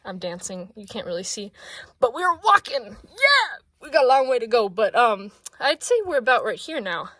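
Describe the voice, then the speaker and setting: A young woman in her twenties chats breathlessly at her desk, rambling and excitable, sometimes trailing into soft mumbles. Her voice sits on the higher side, and the recording is close and dry. She sounds a little winded. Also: a little fast, no echo. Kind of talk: casual sketchbook tour vlog.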